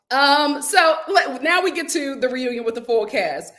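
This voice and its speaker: A woman hosting a casual vlog, recapping a reality show with animated, opinionated commentary and frequent laughter. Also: high-pitched, moderate pace, hardly any pauses.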